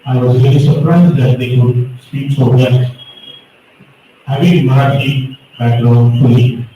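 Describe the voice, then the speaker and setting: In a school hall, a man judging a speech competition slowly corrects students' pronunciation and explains the rules behind it. His medium-pitched voice is mellow with fairly even intonation, picked up from far off in an echoey room, with the highs cut off and slight background noise.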